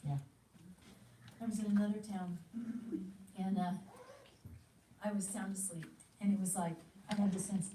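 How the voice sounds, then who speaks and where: A woman teaching an audience in an animated way, telling stories and acting out the inner voices she hears. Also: mid-range voice, moderate pace, distant mic. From from another country. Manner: storytelling, acts out inner voices. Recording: roomy hall, speaker off-mic, faint hiss.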